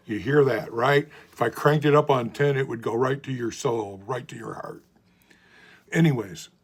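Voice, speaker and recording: An older man teaching a blues guitar lesson, telling earnest, heartfelt stories and often letting his voice fall soft at the ends of phrases. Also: mid-range voice, breathy edge. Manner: earnest, heartfelt storytelling, trailing off softly. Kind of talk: talking guitar lesson to camera.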